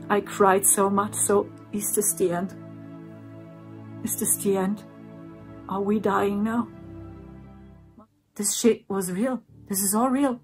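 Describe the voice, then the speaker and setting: A woman telling her own story in earnest, repeating herself and dropping to a hushed voice for the dark parts. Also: medium pitch. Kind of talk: personal storytelling.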